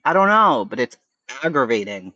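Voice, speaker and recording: A man's voice: mid-range voice, big pitch swings, normal speed, pushed and bright, no room sound, dull audio. A man with a Boston accent hosting a casual livestream chat, blunt and profane, answering his chat. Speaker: livestream host.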